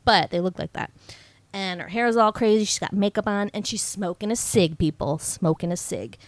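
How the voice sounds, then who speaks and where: A woman's voice: mid-range voice, moderate pace. Chatty, foul-mouthed young woman. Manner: chatty, swears freely, full of "like" and "um". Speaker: podcast co-host. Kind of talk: casual chat recapping a movie.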